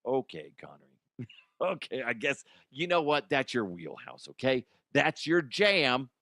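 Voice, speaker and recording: A man's voice: mid-range voice, very animated, measured pace, a bit bright, no echo, studio quality. A man hosting a comedy podcast, rambling loosely and laughing between bits. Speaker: podcast host. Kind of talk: casual comedy monologue.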